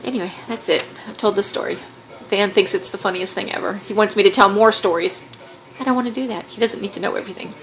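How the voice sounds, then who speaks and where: A woman with a Southern American accent tells a story on her podcast. She talks in a casual, wry way, acting out the people she quotes. Her voice sits in a middle pitch. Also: fast talker. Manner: animated, wry storyteller who acts out quotes. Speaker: podcast host.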